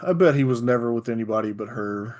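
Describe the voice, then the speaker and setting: A man's voice: medium pitch, animated, quick pace, darkish tone. A man co-hosting a podcast in casual chat, adding dry, wry asides. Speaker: podcast co-host.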